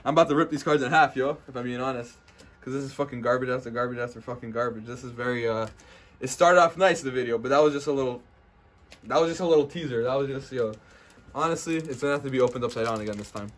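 A young man vlogging as he opens trading card packs indoors at a friend's house, casual and foul-mouthed, trash-talking and bursting into loud hype. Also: mid-range voice, quick pace. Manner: profane, brash trash-talk; excitable, swings into loud hype. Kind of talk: casual unboxing commentary.

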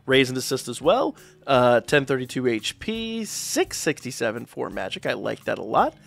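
A man's voice: mid-range voice, very animated, normal speed, gravelly, a bit bright, soft background music. A man casually reviewing mobile game units, reading out stats and correcting himself as he goes. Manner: chatty, self-correcting, reads stats aloud. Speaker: gaming YouTuber.

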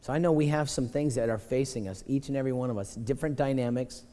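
A man preaching a conversational sermon as pastor, animated and emphatic, talking straight to the congregation. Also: mid-range voice, fast. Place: church sanctuary. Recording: long reverb of a church sanctuary.

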